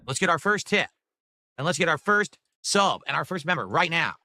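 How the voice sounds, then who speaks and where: A man's voice: fairly high pitch, big pitch swings, moderate pace, bright, forceful tone. A man hosting a live stream, upbeat and pushing viewers to donate. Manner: upbeat hype, reads donations aloud. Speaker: streamer host.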